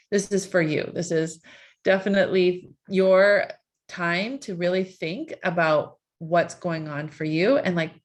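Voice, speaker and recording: A woman life coach leading a live online session, asking repeated coaxing questions in a conversational way. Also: on the low side.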